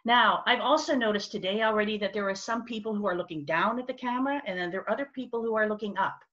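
A woman giving a conversational workshop talk over a video call, expressive and acting out little examples as she goes. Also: mid-range voice, quick pace. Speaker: speaker on virtual presence. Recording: dull lo-fi video call audio.

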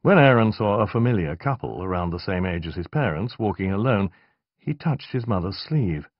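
A man narrating a fantasy novel in a measured, expressive reading. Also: sits low, dry recording, dull audio. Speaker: audiobook narrator. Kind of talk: scripted narration.

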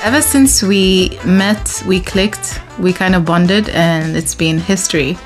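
A woman's voice: lowish voice, slow, over music. A woman co-hosting a radio talk show, asking friendly questions in casual chat.

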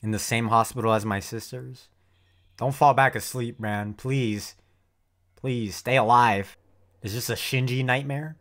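A man's voice: medium pitch, fairly even intonation, unhurried, fairly bright tone. Heated, foul-mouthed male anime reactor. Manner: heated, profane outbursts. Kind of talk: casual reaction commentary.

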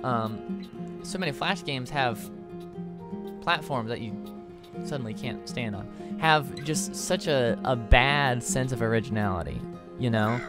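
A man's voice: mid-range voice, measured pace, over loud music. A young man hosting a let's play, rambling eagerly with many stammered restarts. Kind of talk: casual gameplay commentary.

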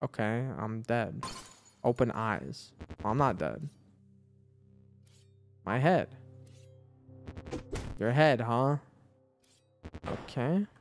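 A man's voice: medium pitch, animated, drawn-out words, pauses often, soft background music. A man giving casual, profane gameplay commentary, rambling with filler words and mocking the characters in exasperation. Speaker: gamer playing through his backlog.

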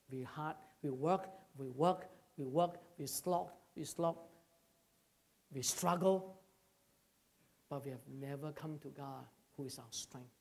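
A man preaching a sermon, swinging between loud rises and hushed drops and calling out to the congregation. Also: fairly high pitch, husky. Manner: calls to the congregation. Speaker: pastor. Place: church.

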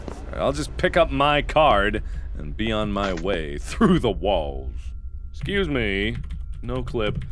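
A man hosting a gaming video, giving let's play commentary with loud, exaggerated, mock-angry outbursts. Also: lowish voice, sing-song, takes it slowly.

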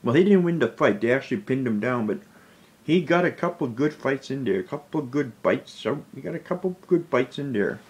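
A man talking in a personal vlog, emotional and close to tears, rambling in a low, subdued voice. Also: expressive, a little fast, slightly rough. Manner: tearful, rambling, speaks low and subdued with sudden angry outbursts. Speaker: vlogger.

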